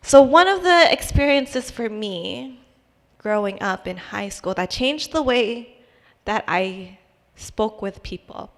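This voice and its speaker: A woman's voice: medium pitch, expressive, slow pace. A young adult woman giving a personal testimony at church in a conversational, hesitant way, with frequent restarts and fillers. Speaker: church speaker sharing a testimony. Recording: long hall reverb.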